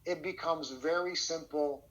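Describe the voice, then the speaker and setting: Male sales coach on a video call, slightly high voice, energetic storytelling delivery. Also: unhurried, muffled recording. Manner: energetic storytelling, frequent "okay?" check-ins. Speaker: sales trainer. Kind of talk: online training lesson.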